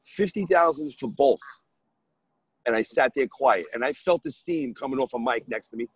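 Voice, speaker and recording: A man's voice: medium pitch, moderate pace, breathy edge, dry recording, poor audio. A man from New York, a real estate investor, telling a deal story as a podcast guest and acting out the dialogue. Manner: animated, acts out dialogue in his story.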